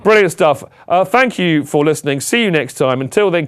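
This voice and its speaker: Guy hosting a fan podcast, slightly high voice, rambles and jokes around. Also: expressive, brisk, smooth. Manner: jokey, rambling and chatty. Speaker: podcast host. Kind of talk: casual chat.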